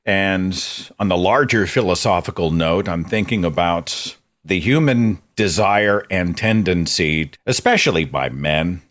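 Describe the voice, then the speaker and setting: A man's voice: deep voice, a bit bright. A man hosting a podcast, telling a personal story in a candid, self-critical, conversational way. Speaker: podcast host. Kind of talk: reflective personal storytelling monologue.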